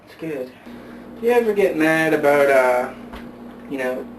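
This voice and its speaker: A man vlogging, telling a joke in a halting, rambling way full of fillers and restarts, on a distant camera mic at home. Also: on the high side, animated. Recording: roomy echo, far from mic, faint hiss.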